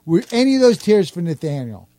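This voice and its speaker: A man's voice: high-pitched, big pitch swings, fairly quick, warm tone, no echo. A man co-hosting a podcast, teasing and mocking the guest. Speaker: podcast co-host. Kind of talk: casual chat.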